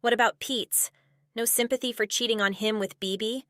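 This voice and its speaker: A woman's voice: fairly high pitch, fairly even intonation, moderate pace, fairly bright tone, dry recording, studio quality. A woman co-hosting a reaction show, sarcastic and biting with mock-dramatic delivery. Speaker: commentary co-host. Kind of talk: casual reaction commentary.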